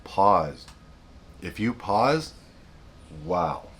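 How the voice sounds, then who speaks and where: A man's voice: on the low side, very animated, very slow, a bit bright, breathy edge. A man hosting a self-help video, giving earnest unscripted advice, often repeating and restarting his sentences.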